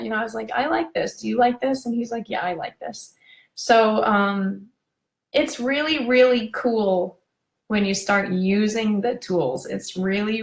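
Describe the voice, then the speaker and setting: Chatty lady on a livestream, bit of vocal fry, roomy echo, keeps going off on tangents. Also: medium pitch, fairly bright tone. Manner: chatty and gushing, wanders off on tangents. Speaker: parenting coach hosting a live video talk. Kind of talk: casual live-stream chat.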